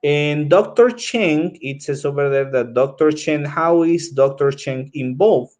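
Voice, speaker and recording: A man's voice: a little high, unhurried, a little mellow. A man teaching an English class, explaining tasks patiently step by step, repeating himself and often checking in with "okay?". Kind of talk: classroom instruction.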